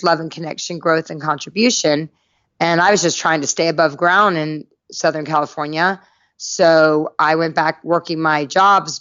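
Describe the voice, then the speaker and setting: Lively storytelling woman from North Carolina. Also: sits low, dry recording, muffled recording. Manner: lively anecdotal storyteller, acts out quoted voices. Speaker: podcast guest. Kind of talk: storytelling interview.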